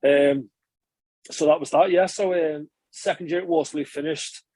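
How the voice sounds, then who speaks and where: A man, a former rugby player, recalls his career in a relaxed interview, rambling and correcting himself as he goes. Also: on the high side, moderate pace, no echo. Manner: chatty, rambling recollection, frequent filler and self-correction. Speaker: former professional rugby player, podcast guest.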